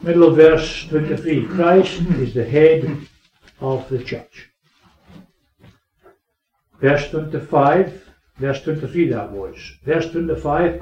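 A man preaching a sermon, swinging between raised emphasis and quiet asides. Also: on the high side. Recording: echoey, distant, muffled recording.

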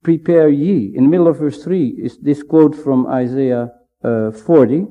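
Measured man preaching on lo-fi tape. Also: a little high, expressive. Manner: measured, emphatic, with pauses. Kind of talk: Bible teaching sermon. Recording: dull lo-fi sound.

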